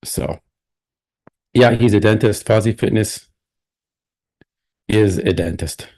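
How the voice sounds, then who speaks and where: A man's voice: on the low side, takes it slowly, a little mellow. A man hosting a live stream, chatting casually and rambling with plenty of restarts and opinions.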